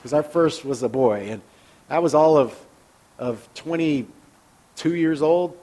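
A man with a somewhat high voice preaching in an easygoing, conversational way. He speaks candidly and personally, as a pastor talking with his congregation. He often lets his words trail off into quiet, hushed asides. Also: slow pace. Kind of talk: conversational sermon.

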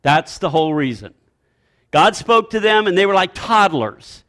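A man's voice: sits high, big pitch swings, moderate pace, fairly bright tone. A man preaching a sermon as pastor, repeating his key phrases emphatically and leading the congregation in call-and-response.

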